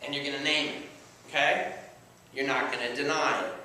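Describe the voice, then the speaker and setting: A man's voice: mid-range voice, fairly even intonation, moderate pace, pushed and bright. A man preaching a sermon as pastor, conversational and playful, often checking in with the congregation. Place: church sanctuary. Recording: echoey church hall, mic at a distance.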